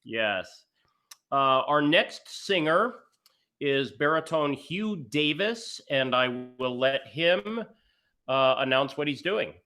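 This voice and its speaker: A man moderating a masterclass, thanking guests and introducing the next singer in a relaxed way. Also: on the high side, slow pace. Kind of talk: announcing and thanking.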